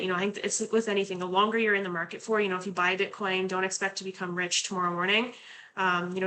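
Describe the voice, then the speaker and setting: A woman's voice: medium pitch, pushed and bright, poor audio. A young adult woman from Canada, a guest co-host chatting casually with many fillers and restarts. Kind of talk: casual talk-show chat.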